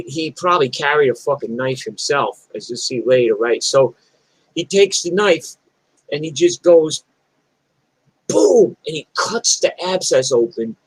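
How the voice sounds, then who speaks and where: A middle-aged New York man spins a long street story, cursing freely and padding every thought with "like" and "you know." His voice sits at an ordinary middle pitch, recorded dry and close with no room around it. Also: no echo, poor audio. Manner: rambling, profane, lots of fillers. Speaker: storyteller host. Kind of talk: casual storytelling.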